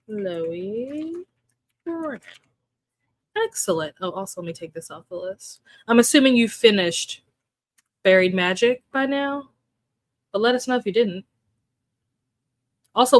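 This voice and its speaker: A young woman hosting a relaxed livestream, chatting casually, greeting viewers by name and laughing often. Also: mid-range voice, no room sound. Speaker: livestream host. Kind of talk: casual chat with live chat readers.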